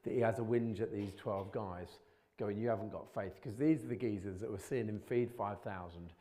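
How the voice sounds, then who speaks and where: A man's voice: fairly low pitch, normal speed, mellow. A man giving an informal sermon in a church, chatty and colloquial, poking fun at himself, with bursts of emphasis. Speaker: preacher.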